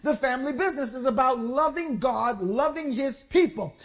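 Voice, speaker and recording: High-pitched woman preacher, fervent, calls on the church to answer back. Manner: exhorting, call-and-response with the congregation; swings between slow stressed phrases and quick bursts. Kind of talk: sermon.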